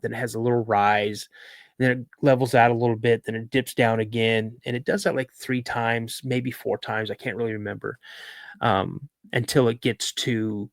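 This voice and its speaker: A man, a podcast host on as a guest, telling a story in a casual, animated way, acting out the voices he quotes and using plenty of fillers. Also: medium pitch, no echo.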